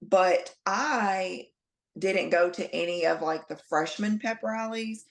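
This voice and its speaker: A woman, telling a story on a podcast, animated and full of swearing. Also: mid-range voice, takes it slowly, gravelly. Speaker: podcast co-host. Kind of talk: casual chat.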